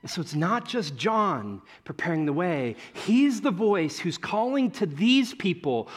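A male pastor preaching a sermon in a relaxed, conversational way. His voice sits high for a man, and he slips into little acted-out voices when he quotes people. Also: a little slow, few pauses, breathy edge. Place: church.

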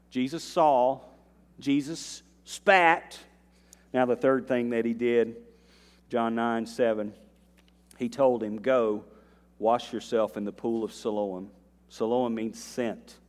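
A man's voice: medium pitch, steady tone, takes it slowly, long pauses, darkish tone. Preacher man in a reverberant hall. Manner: preaching with rising bursts of intensity and folksy asides. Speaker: pastor. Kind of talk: sermon. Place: church sanctuary. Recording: long reverb of a church hall.

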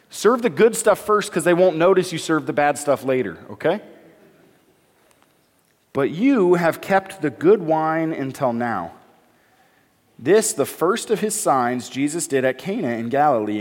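A pastor preaching in a church hall with a long reverb trailing his words. His voice sits a bit high for a man. He reads scripture in a casual, joking way and acts out the dialogue. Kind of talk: sermon with Bible reading.

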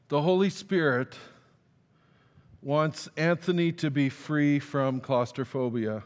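A man's voice: on the high side, fairly even intonation, slow pace, long pauses. A man preaching a sermon, telling a personal story in a conversational, self-deprecating way and acting out the dialogue. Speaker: pastor. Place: church sanctuary. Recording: long reverb of a large hall.

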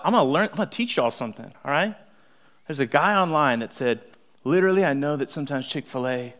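A young adult man preaching a sermon with humorous stories, swinging from loud exclamations to hushed asides. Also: on the high side. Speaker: pastor.

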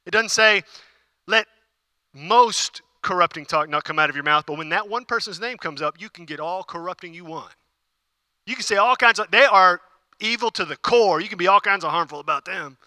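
A man's voice: high-pitched, brisk, pushed and bright, dry recording. A man preaching a sermon, emphatic and repeating key phrases, with conversational asides to the congregation. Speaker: pastor.

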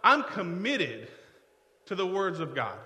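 A preacher puts on an eager young disciple, raised in pitch and pushed loud, firing off promises of loyalty with a bright, forceful edge. The voice rings through a large echoey hall with a long tail of reverb. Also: male voice, sing-song, takes it slowly, exaggerated voice. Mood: fervent. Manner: fervent, all-in declarations. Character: eager devoted adult male disciple.

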